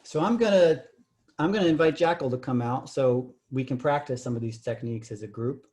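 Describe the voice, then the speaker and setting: A male communication trainer delivers a workshop lecture in a warm, relaxed voice at a medium pitch. He explains step by step and often checks in with the room using tag questions. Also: brisk.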